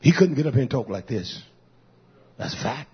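A man's voice: medium pitch, animated, normal speed, breathy edge, highs cut off. A man, a pastor preaching a sermon emphatically and calling out to the congregation.

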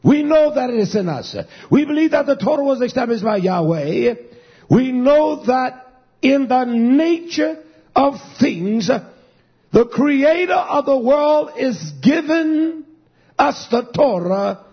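A man preaching an impassioned sermon, drawing words out and rising to shouts. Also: extremely high pitch, animated, breathy edge, dull audio. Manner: slow, drawn-out emphasis.

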